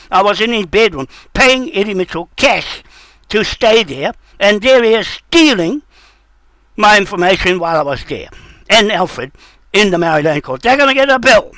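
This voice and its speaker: A man's voice: high-pitched, fairly bright tone, dry recording. An older man, delivering an indignant, rambling monologue full of accusations and repeated points. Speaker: self-styled sovereignty advocate.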